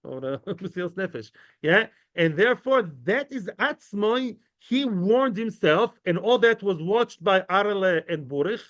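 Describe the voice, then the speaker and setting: A man giving an informal, animated Talmud class, chatty and lively, mixing English with Hebrew and Yiddish terms. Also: high voice, measured pace, no room sound, dull audio. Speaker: Talmud teacher.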